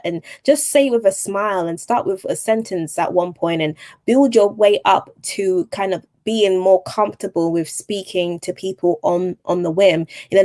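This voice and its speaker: This woman is a TV presenter and voice-over artist appearing as a podcast guest, offering motivational advice in conversation. Her lowish, slightly mellow voice delivers earnest, encouraging guidance that circles back to its key points.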